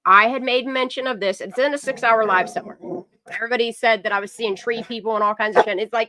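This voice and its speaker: Excitable woman chatting on a live stream. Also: a little high, fast talker. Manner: chatty and excitable, talks to her dog. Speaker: livestream host. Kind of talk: casual live-stream chat.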